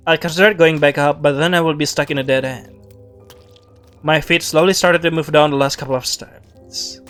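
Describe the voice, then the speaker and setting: A man reading a game's story text aloud and breaking off for quick reactions and asides. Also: fairly high pitch, a bit bright. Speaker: gamer reading a visual novel aloud.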